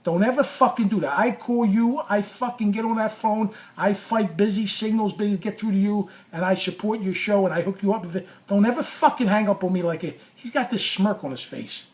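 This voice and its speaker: A man telling a personal story in a casual, animated way, swearing often and acting out what he said. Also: high-pitched, brisk, few pauses. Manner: animated, profane, reenacts his own quotes. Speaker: former sports radio caller.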